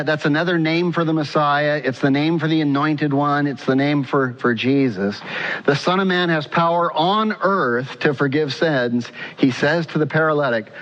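A man's voice: on the high side, a bit bright. A male pastor preaching a sermon in an earnest style, putting questions to the congregation. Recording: muffled sound with long church reverb.

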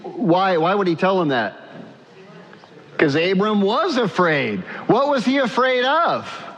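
A man's voice: high-pitched, sing-song, takes it slowly, a bit bright, long reverb tail. A man preaching a sermon in a conversational way, asking his congregation questions and repeating himself as he goes. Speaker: pastor.

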